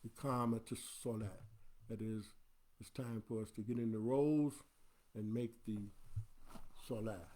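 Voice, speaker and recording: A man's voice: mid-range voice, fairly even intonation, measured pace, mellow. A man, an imam, giving an earnest, instructive Friday sermon into a livestream camera.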